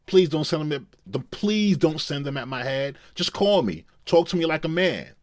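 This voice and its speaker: A man imitating an impassioned male rapper, delivering a loud, emphatic, preachy stage rant in a voice raised well above his own. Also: a little high, animated, moderate pace, dry recording, clean studio sound, pitched above the performer's own voice, lightly acted. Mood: fired-up ranting.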